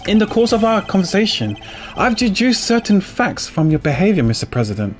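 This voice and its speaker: A man voicing a calm, deductive male investigator in a video game, reading his lines with quiet confidence. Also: high-pitched, fairly quick, a little hiss or hum, pitched above the performer's own voice. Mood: measured. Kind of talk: reading game dialogue aloud on a stream.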